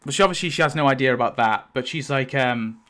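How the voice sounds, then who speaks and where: A man narrates a tabletop game as game master. His voice sits at a middling pitch. He rambles through heavy fillers and laughs often. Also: fast, sharp tone.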